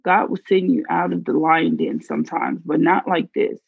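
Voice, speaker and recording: Narrator voicing a soft-spoken concerned aunt. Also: female voice, low voice, fairly even intonation, moderate pace, gravelly, dry recording, narrow, tinny audio, full character voice. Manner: soft, questioning. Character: gentle concerned aunt, middle-aged woman.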